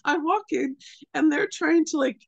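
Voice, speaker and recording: A young woman with a fairly high voice tells a personal faith story in a relaxed, chatty way. She is animated, laughs often and slips into voices for the people she met. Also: moderate pace, creaky, highs cut off. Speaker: guest sharing a testimony. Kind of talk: casual storytelling.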